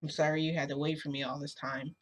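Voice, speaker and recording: A woman voicing a quiet, soft-spoken adult man in a casual storytime retelling. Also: low-pitched, flat delivery, fast, slightly rough, voice pushed down.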